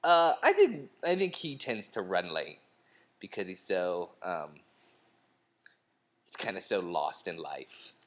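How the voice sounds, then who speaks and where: A man's voice: sits low, big pitch swings, takes it slowly, long pauses, fairly bright tone. A man co-hosting a casual TV commentary chat, rambling and hedging and often laughing as he talks. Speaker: podcast co-host.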